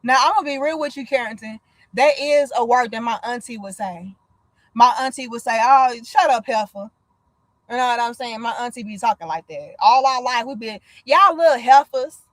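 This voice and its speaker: Speaking briskly in a fairly high voice with no echo, this thirtysomething American woman runs a casual livestream chat. She's blunt and swears a lot, telling stories with plenty of energy.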